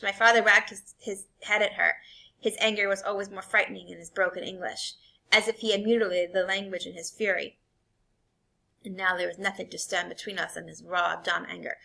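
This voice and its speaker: A woman reading a novel aloud in an expressive way, shifting between quiet and intense passages. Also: medium pitch, brisk, gravelly. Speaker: reader.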